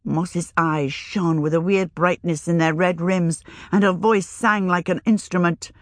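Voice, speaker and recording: Woman reading a story slowly, calm and steady, dry close mic. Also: on the low side, no room sound. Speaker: narrator. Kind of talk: audiobook narration.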